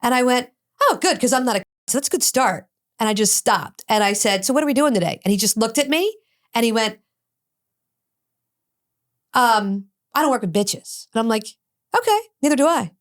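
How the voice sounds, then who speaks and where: A woman's voice: on the high side, moderate pace, pauses often. A middle-aged woman, an addiction specialist, telling a story in an interview, acting out both sides of the dialogue with blunt, cursing energy.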